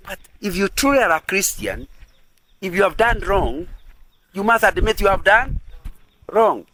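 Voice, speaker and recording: A man's voice: high-pitched, lively intonation, moderate pace, bright, forceful tone, slight background noise. A man preaching at a couples' retreat, earnest and repetitive, often asking the audience if they agree. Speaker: pastor.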